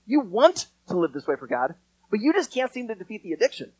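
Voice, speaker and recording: A man preaching a sermon in a casual, conversational way, acting out quotes with lively storytelling. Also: sits high, fast talker, breathy edge, dry recording, low-quality recording. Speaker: pastor.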